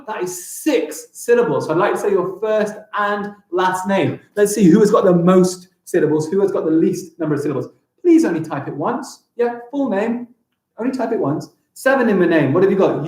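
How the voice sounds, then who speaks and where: A young English man teaching a live-streamed primary school lesson, upbeat and encouraging, sounding out words slowly. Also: on the high side, animated, darkish tone, reverberant, rough recording.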